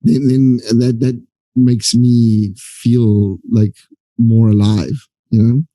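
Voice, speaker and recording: Male podcast host, very dark and warm tone, dry close sound, keen and halting. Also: medium pitch, steady tone, no room sound, low-quality recording. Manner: enthusiastic, searching for words. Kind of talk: casual conversation.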